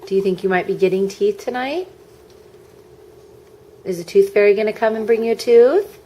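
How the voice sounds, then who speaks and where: A woman's voice: medium pitch, normal speed, dark tone. A mother using baby talk with her toddler, coaxing and repeating questions in a singsong way.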